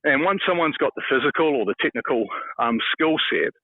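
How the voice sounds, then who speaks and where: A man's voice: mid-range voice, lively intonation, brisk, slightly rough, no echo. Laid-back New Zealand man on a phone line. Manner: laid-back, self-deprecating, mate-style chatter. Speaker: mental skills coach. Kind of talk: casual interview. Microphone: phone call. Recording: tinny dry phone line.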